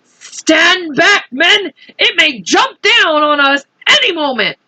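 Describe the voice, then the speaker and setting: A woman's voice: high-pitched, big pitch swings, slow pace, vocal fry, dry recording, voice pushed up, exaggerated voice, low-quality recording. A woman voicing a blustering male chief of police in a storybook, barking orders. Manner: bossy, shouting orders.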